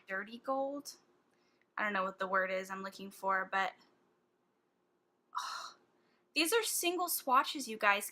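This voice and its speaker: A woman beauty vlogger swatching eyeshadows in a casual vlog, gushing and excitable, with gasps of delight. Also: on the high side.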